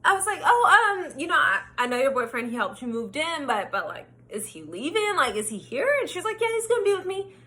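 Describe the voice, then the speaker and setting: Bright, animated woman vlogger. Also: high-pitched, brisk, few pauses, a little hiss or hum. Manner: animated, swears freely, acts out her own quotes. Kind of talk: storytime chat.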